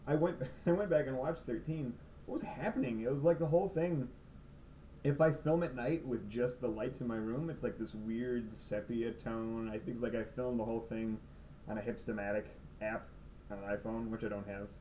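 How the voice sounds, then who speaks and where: A man's voice: medium pitch, fairly even intonation, normal speed, mellow. A young man telling comic stories in his own video blog, rambling and sarcastic, self-mocking, filmed in his room at night. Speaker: video blogger. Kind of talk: comedic monologue vlog. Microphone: cheap camera's built-in mic. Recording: slightly distant camera mic, faint room noise.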